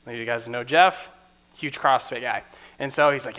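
A young man preaching in a relaxed, conversational way, often checking in with "right?" and acting out the people he quotes. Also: medium pitch, fairly quick. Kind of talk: casual teaching sermon.

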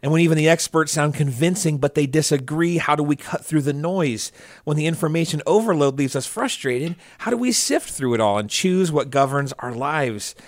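A man with a slightly high voice and lively intonation speaks at a moderate pace, with no echo. He hosts a church podcast in a casual chat, joking around and reading a listener's question aloud.

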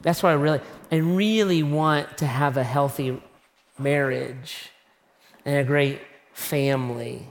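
A middle-aged man preaching in an animated storytelling sermon, poking fun at himself as he goes. His voice sits a little high and rings bright and forceful. A long reverb from a large hall trails behind every phrase. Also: slight background noise. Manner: animated, self-mocking storyteller.

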